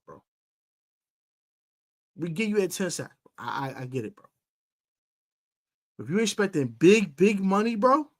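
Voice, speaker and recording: Exasperated woman ranting on a sports stream. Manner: exasperated, scolding, slangy, swings between loud outbursts and low muttering. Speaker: sports podcast host. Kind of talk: live-streamed sports rant.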